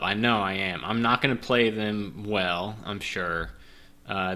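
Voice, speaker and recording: Bright-voiced man rambling as game master. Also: fairly low pitch. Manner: rambling, self-deprecating, many fillers. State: drinking. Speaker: game master playing a solo gamebook. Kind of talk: casual chat and reading game narration.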